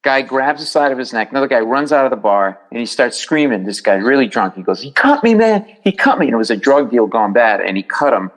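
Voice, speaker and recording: Animated storytelling comedian, middle-aged man. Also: medium pitch, fast talker, few pauses, poor audio. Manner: animated, acting out voices in his stories. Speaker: comedian guest. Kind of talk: podcast storytelling.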